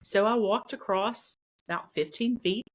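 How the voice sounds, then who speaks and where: A woman's voice: medium pitch, unhurried. A woman working as a paranormal investigator tells a story in an earnest, casual way, repeating phrases for emphasis.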